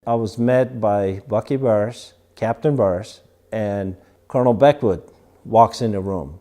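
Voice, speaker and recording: A man's voice: on the low side, measured pace. An older man from Iran recounting his past in an interview, acting out the dialogue as he tells it. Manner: animated storyteller acting out quoted dialogue. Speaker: interviewee, veteran. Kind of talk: storytelling interview.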